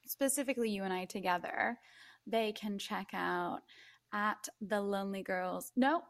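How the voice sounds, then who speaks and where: A woman's voice: mid-range voice, moderate pace, creaky, dry recording. A woman co-hosting a podcast, talking in a casual, playful way. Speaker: podcast co-host. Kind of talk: casual chat.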